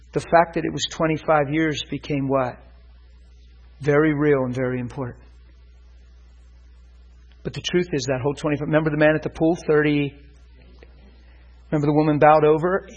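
A man preaching a sermon in a church, telling a healing story in an animated way, his voice climbing high when he gets excited. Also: husky.

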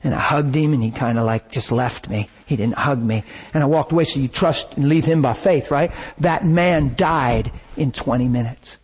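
A man preaching, telling a story in an animated, dramatic way that breaks at times into shouts and laughter. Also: medium pitch, normal speed, few pauses, breathy edge. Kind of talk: sermon storytelling.

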